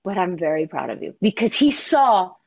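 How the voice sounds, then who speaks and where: A woman singer from New Jersey, talking candidly over a video call and telling animated stories with quoted asides. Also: fairly low pitch, moderate pace, vocal fry, dry recording, lo-fi sound. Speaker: singer interviewed as guest. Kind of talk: casual video-call interview.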